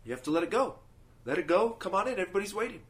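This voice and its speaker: A man's voice: sits high, big pitch swings, very fast, fairly bright tone, pitched above the performer's own voice. A man voicing Jesus as a kind grown man who urges in a raised voice. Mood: urging. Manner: raised, urging voice.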